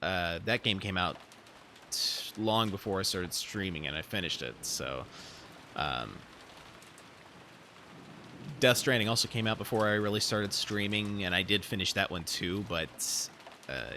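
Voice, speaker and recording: A man's voice: lowish voice, animated, a little slow, long pauses, sharp tone, slight background noise. A man streaming himself reading a visual novel aloud, chatting in a rambling way with lots of fillers. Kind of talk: casual live-stream reading and chat.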